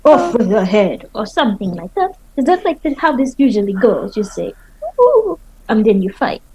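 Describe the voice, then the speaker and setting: A woman's voice: mid-range voice, sing-song, brisk, warm tone, husky, no room sound, rough recording. A woman playing a tabletop game, speaking in character in a playful, mocking way. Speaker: player.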